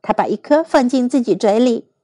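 A woman reading a children's picture book aloud slowly and clearly, in two languages. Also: fairly high pitch, no echo. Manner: slow, clear, expressive reading. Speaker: storyteller. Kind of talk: bilingual storybook read-aloud for children.

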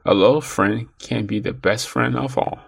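A man narrating a children's story in an expressive storytelling manner. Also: lowish voice, moderate pace, vocal fry, husky, dry recording.

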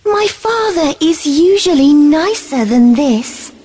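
A man voicing Miranda, an innocent young girl, in a high falsetto for a storybook reading. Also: lively intonation, takes it slowly, darkish tone, dry recording, heavily acted. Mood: earnest.

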